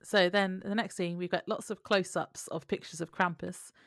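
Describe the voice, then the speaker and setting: A woman with a fairly low voice co-hosts a podcast, reading from her notes about a TV episode. She laughs easily as she talks. The sound is dry, with no room echo. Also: steady tone, normal speed, creaky. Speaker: podcast co-host. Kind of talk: casual chat recapping a TV episode.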